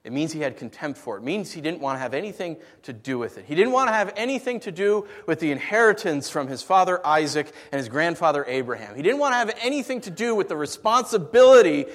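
A man's voice: fairly high pitch, fast, few pauses. A man preaching a sermon, telling stories playfully with big swings in his voice. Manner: animated, playful storytelling with big vocal swings. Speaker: pastor. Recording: long reverb of a large hall.

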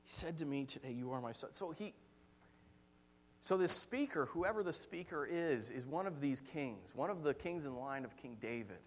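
A man preaching a sermon, telling stories with lively acted-out quotes and frequent laughter. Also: medium pitch, moderate pace. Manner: animated storytelling, acts out quotes, laughs often. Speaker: pastor.

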